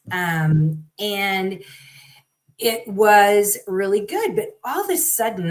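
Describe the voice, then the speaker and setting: A middle-aged woman, a guest parent, telling her story in a lively conversational way and acting out what others said. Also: mid-range voice, rough recording. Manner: animated, acts out quoted people.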